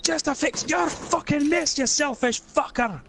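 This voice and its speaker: A man's voice: very high-pitched, unhurried, creaky, background noise. A young Scottish man doing rowdy, sweary let's-play commentary, laughing often. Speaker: gaming YouTuber.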